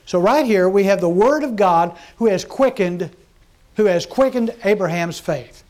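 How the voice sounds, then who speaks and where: A man preaching a sermon in a conversational way, often asking his congregation questions and quickly acting out the voices of mockers. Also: sits high, a little mellow. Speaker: pastor.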